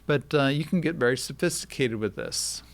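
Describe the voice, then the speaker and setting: A man's voice: medium pitch, brisk. A man who lectures, appearing as a guest on a radio interview and explaining technology with frequent uh and um fillers. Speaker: guest expert on deepfakes.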